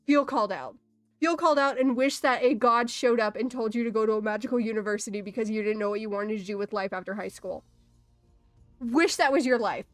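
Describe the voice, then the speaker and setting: Her pitch is a little high and her pace brisk as this young artist streamer draws and chats casually. She tells a profanity-heavy story and laughs often along the way. Faint music plays behind a dry recording.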